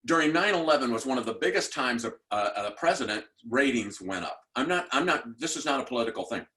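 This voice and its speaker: Man, 60s, education speaker; bright, pressing delivery, animated storyteller who questions the room. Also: mid-range voice, fast. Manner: animated storyteller who acts out quoted voices; direct, asks the audience questions. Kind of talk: motivational talk.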